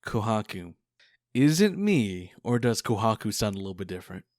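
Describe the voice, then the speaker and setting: A man's voice: on the low side, very animated, moderate pace, a little mellow, no room sound, studio quality. A man co-hosting a podcast, making playful quips and jokes. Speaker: podcast co-host. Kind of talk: casual podcast chat.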